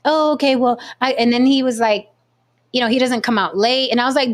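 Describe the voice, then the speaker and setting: A woman hosting a casual chat show, telling a dating story in an animated way with plenty of swearing. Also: a little high, fairly quick. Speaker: podcast host.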